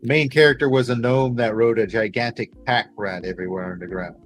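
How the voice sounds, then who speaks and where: A man writer in casual chat, giving brief low-key answers. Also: fairly even intonation, a little fast, faint music behind. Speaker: writer guest.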